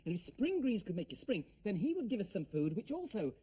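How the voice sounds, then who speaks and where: A man's voice: high voice, very animated, a little fast, warm tone, breathy edge. Playful man hosting children's TV. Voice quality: playful, laughs at his own jokes. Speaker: children's TV host. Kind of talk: children's TV presenting.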